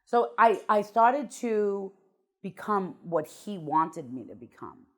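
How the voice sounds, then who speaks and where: A woman's voice: mid-range voice, very animated, slow pace. A middle-aged woman, a guest on an interview show, telling her life story bluntly and emotionally, with some swearing.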